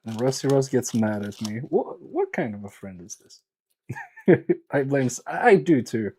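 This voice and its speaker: A man's voice: medium pitch, big pitch swings, unhurried, a little mellow, a little hiss or hum. A man chatting casually on a live stream while repairing electronics, joking and teasing his viewers in a self-mocking way.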